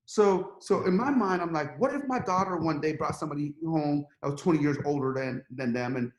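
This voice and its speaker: Animated storytelling man, echoey room. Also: on the high side, brisk. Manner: animated, acts out quotes in a rising voice. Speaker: podcast guest. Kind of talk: casual storytelling.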